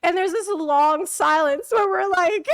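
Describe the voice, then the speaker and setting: A woman streamer telling a story casually on a stream into a close mic, animated, laughing often and acting out the quotes. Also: very high-pitched, a little slow, dry recording.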